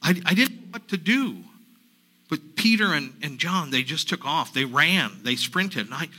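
A man playing Mary Magdalene, halting and grieving. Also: on the high side, lively intonation, bright, forceful tone, exaggerated voice, rough recording. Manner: halting, repeats himself, emotional retelling. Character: grieving woman disciple recounting the empty tomb. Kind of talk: first-person dramatic monologue sermon.

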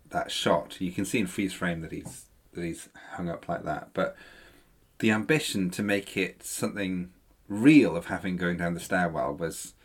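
A woman's voice: a bass voice, breathy edge. A woman co-hosting a podcast, chatting casually about a TV series with enthusiasm and frequent laughter. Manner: enthusiastic, laughs often, acts out scenes in quoted voices. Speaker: podcast co-host.

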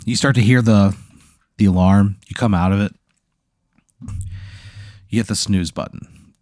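A man's voice: lowish voice, a little slow, a little mellow, dry recording, clean studio sound. A man hosting a comedy podcast, improvising a hypothetical story with lots of fillers. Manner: meandering, lots of "like", throat clearing.

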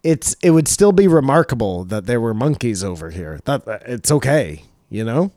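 A man's voice: mid-range voice, very animated, moderate pace, warm tone, dry recording. Rambling man on a dry podcast mic. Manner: rambling, hesitant, lots of fillers. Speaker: podcast co-host. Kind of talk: casual chat.

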